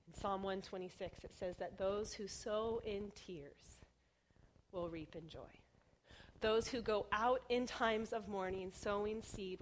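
A young woman preaching a sermon in an earnest way, often dropping to a hush on key phrases. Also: mid-range voice, a little hiss or hum. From Oregon, United States. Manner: earnest, softening to near whispers on key phrases.

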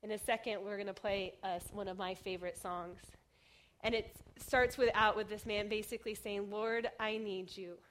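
A young woman preaching a sermon in an earnest way, often dropping to a hush on key phrases. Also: mid-range voice, steady tone, moderate pace. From Oregon, United States. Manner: earnest, softening to near whispers on key phrases.

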